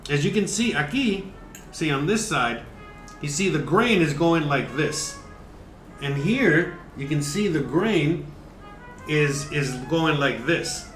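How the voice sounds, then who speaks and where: A man's voice: a little high, lively intonation, takes it slowly, fairly bright tone, reverberant, soft background music. A man hosting a casual cooking livestream, chatting and explaining each step, cursing now and then. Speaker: cooking show host.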